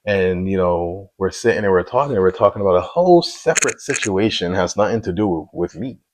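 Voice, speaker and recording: A man's voice: sits low, expressive, brisk, background noise. A man in his thirties giving a candid personal faith testimony, earnest and confessional, with many "you know" asides. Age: 30s.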